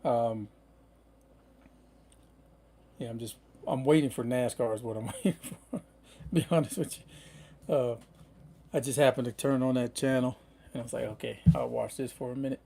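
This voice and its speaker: A man's voice: medium pitch, fairly quick, pauses often, warm tone, a little hiss or hum. A middle-aged man hosting a casual livestream, rambling in a laid-back way with lots of fillers. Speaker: van-life livestream host.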